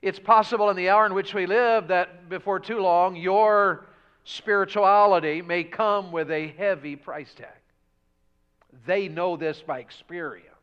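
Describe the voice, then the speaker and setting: High-voiced preacher. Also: male voice, steady tone, measured pace, clean tone. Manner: folksy, rhetorical questions to congregation. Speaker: pastor. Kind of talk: revival sermon. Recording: dull lo-fi church audio.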